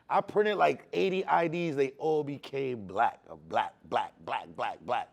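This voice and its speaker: A man telling his personal faith testimony in casual slang, emotional, repeating words for emphasis, swinging between hushed and loud. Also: a little high, very animated, measured pace, creaky. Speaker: testimony speaker.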